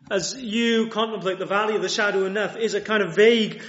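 A man preaching a sermon earnestly, swinging from loud appeals to hushed, quiet lines. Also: sits high, brisk, hardly any pauses. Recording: dull lo-fi recording.

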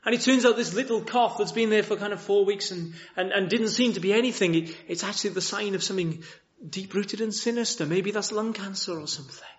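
Male preacher, high animated voice, rhetorical questions, muffled lo-fi church recording. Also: a little fast. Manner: lively, many rhetorical questions, restarts. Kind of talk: sermon. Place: church chapel.

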